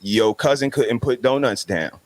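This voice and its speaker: A man's voice: mid-range voice, measured pace, no room sound. A man, making emphatic, preachy points as a guest in a casual podcast discussion. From New York City.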